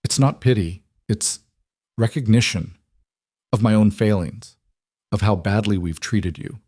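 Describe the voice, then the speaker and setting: Man putting on a quiet sorry gossip lady, halting and small, dry close voice. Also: lowish voice, breathy edge, no room sound. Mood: ashamed. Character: ashamed townswoman, gossip turned sorry.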